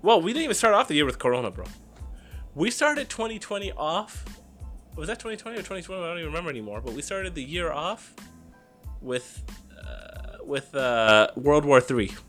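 A young man co-hosting a podcast, chatting casually in slangy, excitable talk and laughing often. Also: a little high, brisk, faint music behind. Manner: animated, slangy, laughs a lot. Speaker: podcast co-host. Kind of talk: casual chat.

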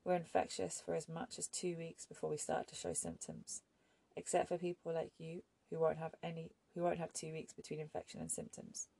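A woman reading an audiobook voices a calm, resigned young man who speaks softly and never raises his voice. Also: low voice, fairly quick, creaky, few pauses, no room sound. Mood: quiet firm. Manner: soft-spoken, never raises voice.

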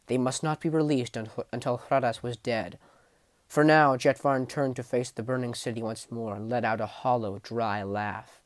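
A man's voice: fairly even intonation, moderate pace, no room sound. Man narrating a dramatic fantasy audiobook. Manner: vivid, intense storytelling that rises in battle scenes and drops low for menace.

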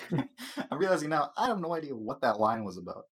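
A man's voice: mid-range voice, sing-song, moderate pace, slight background noise. A man hosting a casual chat, rambling and swearing through a TV episode recap, stumbling over words and laughing.

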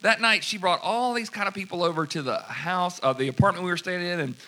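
A man preaching a sermon, telling a story in an animated way and acting out the people in it. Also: high voice, a little fast. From United States. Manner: animated, acts out quoted dialogue. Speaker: pastor.

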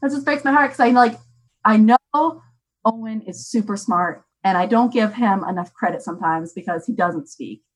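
Chatty young mother, animated. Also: medium pitch, normal speed, low-quality recording. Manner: chatty, animated, many fillers. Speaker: parent. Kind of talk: casual chat.

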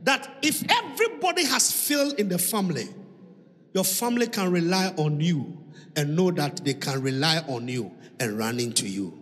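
A man preaching a fervent sermon as a bishop, shouting and half-singing his lines. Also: on the high side, big pitch swings, moderate pace. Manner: shouting, impassioned, sing-song preaching. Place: church hall. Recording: reverberant hall.

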